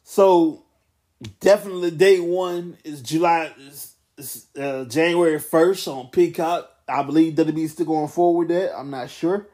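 Young man, late twenties, solo podcast host; loose, rambling delivery, voice sits a bit high. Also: fairly even intonation, normal speed, mellow. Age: 20s. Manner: rambling, loose, self-correcting. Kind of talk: casual solo wrestling podcast.

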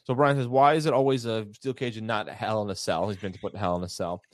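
A man's voice: lowish voice, fairly even intonation, fast talker, dry recording. A man co-hosting a casual wrestling talk show, rambling with lots of fillers. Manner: rambling, filler-heavy, laughs often. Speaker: podcast co-host.

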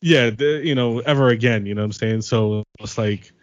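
A man's voice: on the low side, fairly even intonation, fairly quick, hardly any pauses, no room sound, highs cut off. A man on a podcast panel talking about films, rambling and profane, full of "you know"s. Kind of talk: casual film-discussion chat.

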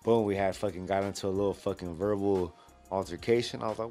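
A man's voice: deep voice, fairly even intonation, quick pace, warm tone, soft background music. A young man, a guest fighter talking laid-back in heavy street slang. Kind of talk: casual interview chat.

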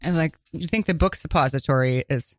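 Chatty radio co-host woman, lowish voice. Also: dry recording. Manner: chatty, quick asides, laughs often. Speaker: co-host of a community radio crime show. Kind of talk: casual chat and on-air announcements. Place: community radio studio. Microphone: studio microphone.

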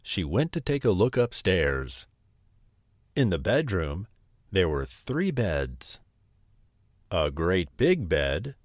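A man narrating a bedtime story as the host, slow and lively. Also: deep voice, no echo, studio quality.

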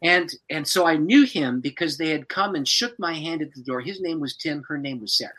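A man's voice: a little high, a little fast, poor audio. A man, a pastor and author, tells a personal story as a podcast guest, breaking into laughter as he goes. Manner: lively, laughs through his story.

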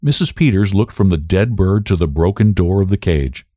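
Low-voiced man narrating an audiobook. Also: lively intonation, normal speed, warm tone, dry recording, clean studio sound.

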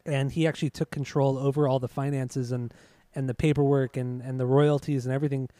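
A man's voice: medium pitch, little pitch movement, a little fast, dark tone, no room sound. A man co-hosting a podcast, casually recounting a story with hesitant, rambling asides and swearing. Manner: rambling, hesitant, profane, many fillers. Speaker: podcast co-host. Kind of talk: casual chat, recounting music history.

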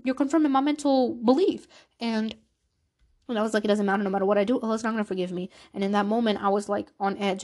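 A woman hosting a podcast, telling a personal story in an earnest, confessional way and acting out the conversations she recalls. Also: medium pitch. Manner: earnest, confessional, reenacts dialogue. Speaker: podcast host.

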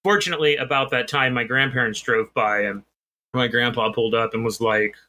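Bright-voiced man rambling through a story. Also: mid-range voice, fairly even intonation, brisk. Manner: rambling, self-deprecating anecdotes. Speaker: podcast co-host. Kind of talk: casual chat, storytelling.

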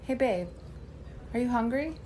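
A woman's voice: on the high side, animated, unhurried, dark tone, a little hiss or hum, voice pushed up. A woman playing an indecisive, noncommittal young girlfriend in a comic skit. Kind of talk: comedic skit.

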